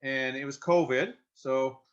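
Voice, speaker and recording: A middle-aged man, telling a personal story as a guest in earnest, halting conversation with restarts. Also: mid-range voice, steady tone. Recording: muffled lo-fi sound.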